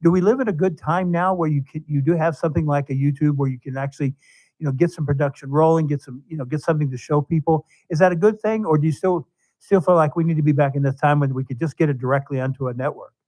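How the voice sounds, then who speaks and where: A man from Tennessee hosting a casual radio interview, chatty and quick to laugh, with a self-deprecating way of talking. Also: fairly high pitch, steady tone, darkish tone, no room sound, low-quality recording. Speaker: radio guest host.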